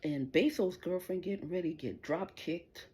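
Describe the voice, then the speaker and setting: A woman's voice: on the low side, normal speed, mellow. Profane, taunting woman ranting on a livestream. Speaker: livestream host. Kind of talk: angry livestream rant.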